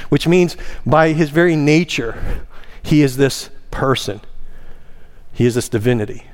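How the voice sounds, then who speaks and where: A man preaching in a church, stressing key words and leading the congregation in reciting together. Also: moderate pace. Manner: emphatic, rising in pitch on key words; leads the congregation in call-and-response. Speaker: pastor. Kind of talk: sermon. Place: church sanctuary.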